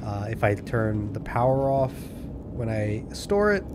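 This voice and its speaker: A man streaming a video game, giving casual, chatty commentary in a relaxed way and laughing often. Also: fairly low pitch, unhurried, background noise.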